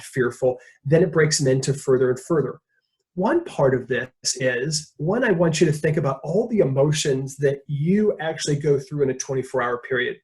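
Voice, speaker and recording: A man presenting a leadership webinar, telling stories in a conversational way and acting out quotes. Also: mid-range voice. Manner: conversational storytelling, jokes and acts out quotes.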